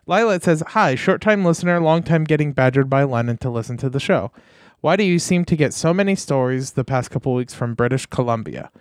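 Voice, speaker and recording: A man hosting a podcast in casual chat, easygoing and laughing, pausing often to search for words. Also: mid-range voice, animated, no room sound, studio quality. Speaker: podcast host.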